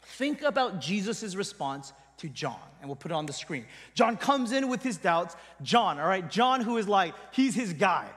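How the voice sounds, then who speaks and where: A male pastor preaching a sermon in a conversational, emphatic way, often dropping his voice quietly at the end of a thought. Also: high-pitched, sing-song, normal speed, hardly any pauses, in a large hall. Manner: conversational, emphatic, trails off quietly at line ends.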